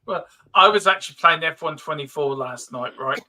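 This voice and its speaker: A man hosting a live football watch-along stream from home, giving joking, excitable match commentary between teasing banter and frequent laughs. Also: on the high side, normal speed, a little hiss or hum. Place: home streaming setup with a TV behind him.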